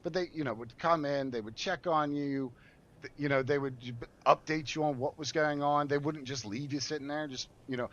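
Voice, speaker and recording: This man's voice sits a little high, with a steady tone, a fairly bright quality, and a slightly fast pace. While gaming on stream, he spins a casual, profane, indignant story full of heated outbursts. The audio is muffled and lo-fi.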